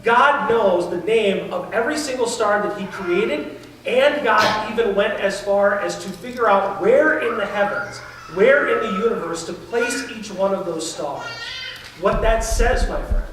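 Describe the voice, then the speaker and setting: A man's voice: high voice, lively intonation, measured pace, a bit bright, a little hiss or hum. A male pastor preaching a sermon in a church, emphatic and speaking directly to the congregation. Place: church sanctuary. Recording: very echoey church sound from a distance.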